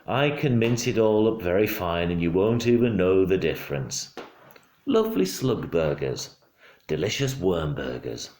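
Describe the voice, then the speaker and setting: A man voicing a fussy, excitable mother with high, dramatic exclamations in a storybook reading. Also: measured pace, a little hiss or hum. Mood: coaxing. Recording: roomy home room.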